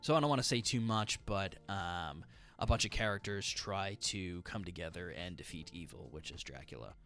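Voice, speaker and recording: A man's voice: low voice, lively intonation, normal speed, fairly bright tone, faint music behind. A man casually reviewing books he has read, chatty and enthusiastic, with many fillers. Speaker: book reviewer.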